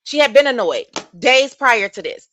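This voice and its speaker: Bright-voiced woman hosting livestream commentary. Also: a little high, expressive, moderate pace, highs cut off, a little hiss or hum. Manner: reads text messages aloud and reacts with opinion; addresses viewers directly as y'all.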